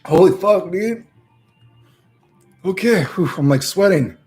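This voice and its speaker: A man's voice: sits high, animated, a little mellow, soft background music. Man streamer giggling through a reading. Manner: keeps breaking into helpless laughter; slow, halting delivery between laughing fits. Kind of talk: live stream reading aloud.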